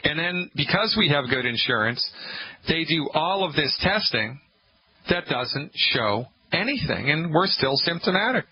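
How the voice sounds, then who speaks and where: A man hosting a call-in health radio show, talking in an animated, sarcastic and emphatic way. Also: a little high, measured pace, breathy edge, no room sound. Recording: muffled radio broadcast with faint hiss.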